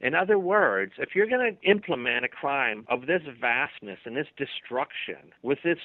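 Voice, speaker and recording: A man's voice: medium pitch, lively intonation, normal speed, no echo. A man being interviewed as an author on a talk radio show, speaking emphatically and acting out imagined dialogue. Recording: tinny dry phone line.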